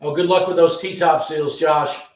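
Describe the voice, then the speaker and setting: A man's voice: on the high side, steady tone, a little slow. Joking man answering viewers in a garage. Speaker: shop owner hosting a live stream. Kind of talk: casual live-stream chat. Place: car restoration garage. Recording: roomy echo from a distance.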